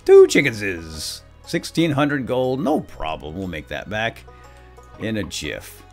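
A young man narrating his farming-game session in a loose, goofy way, with his voice leaping from squeaky highs to low mutters. His pitch swings wildly while he chatters, with soft background music. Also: huge pitch swings, a little slow, vocal fry. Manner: playful, goofy, jumps between squeaky voices and mumbles. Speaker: let's play host. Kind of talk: casual gameplay commentary.

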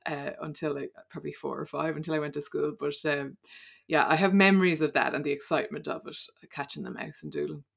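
An Irish woman in her thirties with a low, gravelly voice. She tells childhood stories in casual chat, rambling and laughing often. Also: animated, fast, hardly any pauses. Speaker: podcast guest.

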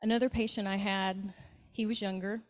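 A woman's voice: mid-range voice, flat delivery, normal speed. A woman with a Southern US accent, a hospice nurse telling stories to a club meeting and acting out the people in them. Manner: warm anecdotal storytelling with acted quotes. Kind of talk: storytelling talk to a club. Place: meeting room, hybrid meeting.

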